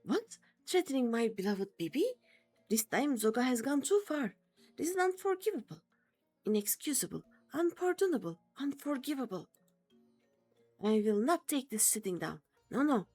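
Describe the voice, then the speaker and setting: A woman's voice: fairly high pitch, very animated, normal speed, a little mellow, soft background music. A woman voicing a lovesick, dramatic male kobold leader who piles up synonyms. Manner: theatrical, strings synonyms together.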